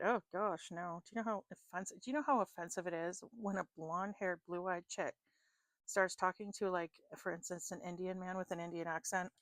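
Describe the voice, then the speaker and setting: A woman's voice: fairly low pitch, fairly even intonation, fairly quick, no echo, clean studio sound. A woman doing a tarot reading, rambling in a chatty, self-deprecating way with lots of fillers and laughs. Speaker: tarot card reader. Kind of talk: rambling casual monologue.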